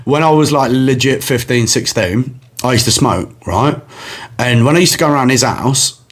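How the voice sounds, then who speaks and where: Casting: young male comedian, loose rambling storyteller. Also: mid-range voice. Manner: rambling, laughs often. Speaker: comedian and podcast host. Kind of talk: casual storytelling chat.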